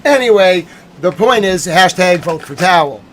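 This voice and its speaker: High-voiced man rambling on a livestream. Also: lively intonation, normal speed, slight background noise. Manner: rambling, mock-boastful, playful. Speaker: streamer host. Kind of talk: joking livestream monologue.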